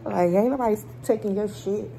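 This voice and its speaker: A young woman from Philadelphia vlogs from home in an angry storytime rant, cursing and acting out quoted dialogue as she retells a run-in at her door. Her mid-range voice is brisk and gravelly, and the background is noisy.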